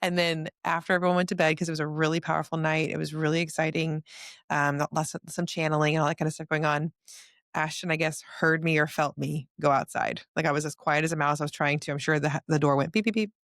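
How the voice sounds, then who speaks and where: A woman hosts a casual spiritual podcast, her voice slightly gravelly and recorded close in a dry room. She tells stories with animated energy and laughs easily as she goes. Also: deep voice, fast, no room sound. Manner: animated storytelling, laughs often. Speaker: podcast host. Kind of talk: casual conversation.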